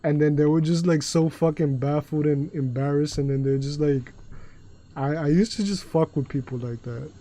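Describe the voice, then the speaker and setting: A man's voice: fairly high pitch, normal speed, warm tone, a little hiss or hum. A man from New York City with a New York accent, chatting casually on a game livestream and telling rambling, profane stories full of restarts. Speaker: streamer.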